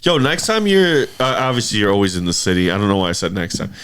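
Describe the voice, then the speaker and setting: A man's voice: on the low side, sing-song, fast talker, fairly bright tone, clean tone. A laid-back young man co-hosts a casual podcast. He swears freely and keeps saying "yeah" as he talks. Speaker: podcast co-host. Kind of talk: casual chat.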